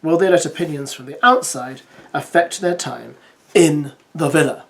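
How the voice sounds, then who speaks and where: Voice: medium pitch, normal speed. A reality TV commentator doing a recap, reading out summaries with wry, chatty asides to viewers.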